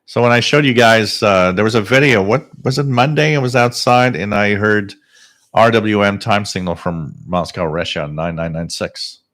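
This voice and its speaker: A man hosting a live radio-hobby stream, ranting emphatically and rising toward near shouting. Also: fairly low pitch, normal speed. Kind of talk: live-stream talk and rant.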